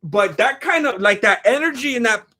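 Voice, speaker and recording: A man's voice: very high voice, normal speed. A man doing casual, jokey live-stream commentary on fight news and thanking chat members. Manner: animated, jokey, reads chat donations aloud.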